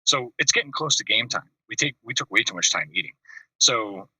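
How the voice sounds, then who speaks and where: Man, animated storyteller, bright slightly husky voice, video call audio, distant from mic. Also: mid-range voice, fairly quick, no echo. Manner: lively storyteller, acts out voices, laughs at his own story. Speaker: call-in show host.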